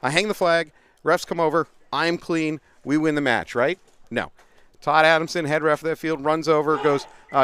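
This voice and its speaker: A middle-aged man, casually telling animated paintball stories as a livestream commentator outdoors. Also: fairly high pitch, a little fast, smooth. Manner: animated, laughing storyteller.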